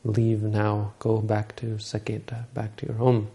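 A man acting out a hot-tempered older father-in-law, blustering and scolding. The voice is low and gravelly. It is dark in tone. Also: completely flat delivery, a little slow. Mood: furious.

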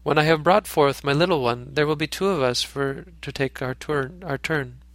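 A man's voice: on the high side, normal speed, fairly bright tone, no room sound. A man voicing a pregnant female doe in a storybook reading, humble and pleading.

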